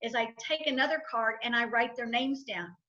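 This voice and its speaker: A woman's voice: fairly high pitch, moderate pace, sharp tone, highs cut off. A middle-aged woman, a guest in an interview, speaking emphatically and repeating her points for effect as she tells stories. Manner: emphatic, repetitive, storytelling with acted quotes. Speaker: guest, financial advisor and entrepreneur. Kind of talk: enthusiastic interview talk.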